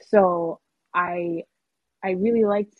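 A woman's voice: fairly low pitch, fairly even intonation, takes it slowly, slightly rough, no room sound. A woman actor talking candidly in a casual podcast interview, using slang and laughing often. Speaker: actor guest. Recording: phone-like call audio.

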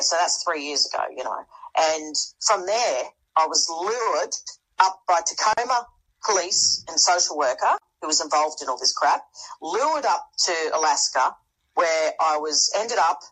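A woman's voice: lowish voice, unhurried, slightly rough, low-quality recording. A middle-aged woman, a podcast guest, telling a story casually and acting out other people's voices, with frequent restarts. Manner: animated, acts out quoted voices, frequent restarts.

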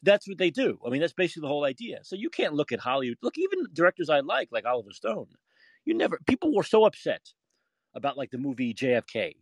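Animated male podcast host. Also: on the high side, fast talker, breathy edge, dry recording. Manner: animated, emphatic, opinionated. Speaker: former film critic. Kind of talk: casual call-in talk.

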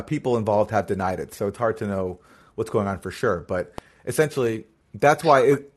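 A man in his forties hosting a podcast, explaining things in a casual way with occasional restarts. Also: fairly low pitch. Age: 40s. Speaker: podcast host. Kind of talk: casual chat.

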